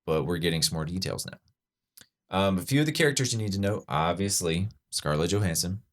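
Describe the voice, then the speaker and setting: A man's voice: sits low, lively intonation, a little fast. A man hosting a podcast, chatting enthusiastically with lots of fillers and restarts. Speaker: podcast host. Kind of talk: casual chat breaking down a trailer.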